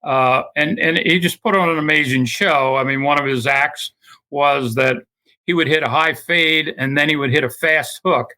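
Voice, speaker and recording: Older male guest, bright, fairly high voice, earnest and halting with fillers. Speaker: interview guest, author. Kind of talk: conversational interview.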